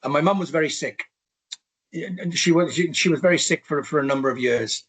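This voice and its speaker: A man's voice: fairly high pitch, a little fast, breathy edge. Welsh man in his sixties, rambling. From Wales. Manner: rambling, many restarts and "you know". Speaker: podcast guest. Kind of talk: reflective life story.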